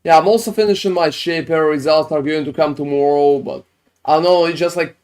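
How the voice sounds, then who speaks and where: Talking fairly quickly, a gamer with a fairly high, darkish voice and fairly even intonation looks over viewers' builds during a stream. His chat is casual, full of swearing and marked by non-native phrasing.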